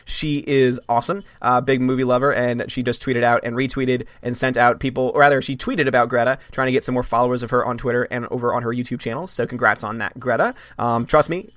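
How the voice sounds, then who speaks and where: A man hosting a live movie blog stream, greeting chat members one by one in an animated, casual way. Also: mid-range voice, dry recording, studio quality. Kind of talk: live stream chat, reading viewer comments.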